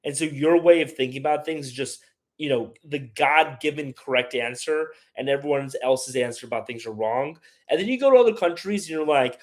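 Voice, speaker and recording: A man's voice: on the high side, a little fast. A man hosting a casual live stream, rambling and opinionated as he reads chat aloud and answers it. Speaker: livestream host.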